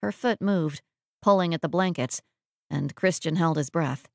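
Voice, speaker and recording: Woman narrating a romance audiobook, low and dry. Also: moderate pace, vocal fry, dry recording. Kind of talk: scripted narration.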